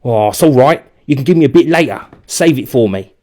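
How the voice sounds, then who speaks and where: A man voicing a loud, rough schoolboy bully in a storybook reading. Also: mid-range voice, lively intonation, brisk, pitched above the performer's own voice, natural voice. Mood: brash. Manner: loud and brash.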